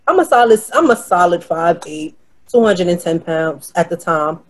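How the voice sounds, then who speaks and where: A woman from New York telling a story in a brash, profane, animated way, acting out the other people's lines. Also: lowish voice, a little slow. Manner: brash, profane, animated retelling with quoted voices. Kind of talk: casual storytelling.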